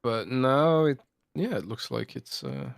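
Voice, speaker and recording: A man's voice: medium pitch, huge pitch swings, a little slow, gravelly, clean tone, no echo. A man with a mid-range voice co-hosting a casual gaming podcast. He is laid-back and a little hesitant, and he mostly reacts in short bits, recorded dry and close. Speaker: podcast co-host.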